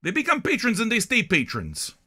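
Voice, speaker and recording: A man's voice: sits high, wildly swooping pitch, brisk, pushed and bright, slightly rough. Profane, rambling older Canadian man. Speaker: music reaction show host. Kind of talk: casual rambling monologue.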